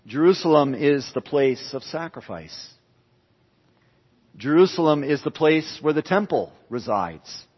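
A man's voice: fairly high pitch, expressive, measured pace, breathy edge. A man preaching an expository sermon, emphatic, repeating key phrases for stress. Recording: dull lo-fi sound with long hall reverb.

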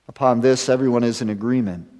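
A man preaching a sermon as pastor, building to emphatic rises and then dropping to hushed, serious lines. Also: medium pitch, fairly even intonation, fast. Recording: long hall reverb.

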